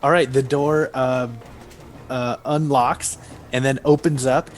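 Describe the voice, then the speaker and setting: A man narrating as game master, casual and halting, often laughing. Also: mid-range voice, fairly even intonation.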